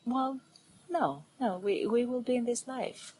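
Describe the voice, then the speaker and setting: A woman speaking as a podcast guest on spiritual topics, earnest and animated, sometimes dropping into a whisper for emphasis. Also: fairly high pitch, measured pace, slight background noise, low-quality recording. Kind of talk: spiritual interview talk.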